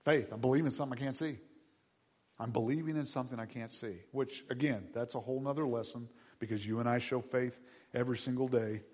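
Husky-voiced man preaching conversationally. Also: medium pitch, fairly even intonation, fast talker, darkish tone. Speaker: pastor. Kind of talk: sermon.

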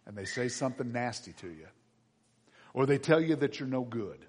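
Husky, animated male pastor. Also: medium pitch, moderate pace. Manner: animated, swings between hushed and loud emphasis. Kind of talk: children's sermon.

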